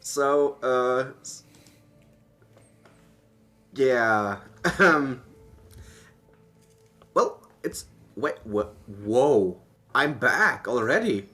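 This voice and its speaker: A man chats at a tabletop game, stumbling and hesitating through his sentences. His pitch is mid-range, with faint music underneath. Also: expressive, extremely slow, long pauses, pushed and bright. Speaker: player. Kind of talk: casual tabletop game chat.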